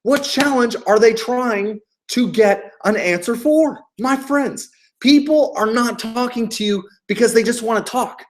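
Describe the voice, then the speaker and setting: A man's voice: very high voice, measured pace. A man giving a motivational sales coaching talk, emphatic and hyped, repeating key phrases and swearing freely. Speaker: business coach.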